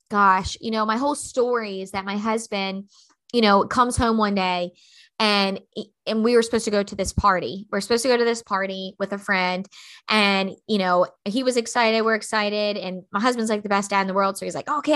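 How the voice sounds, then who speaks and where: A woman's voice: medium pitch, fairly bright tone. A woman in her thirties hosting a podcast, telling a personal story in a chatty way with many fillers and restarts. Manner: chatty, fast, lots of "like" and restarts. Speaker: podcast host.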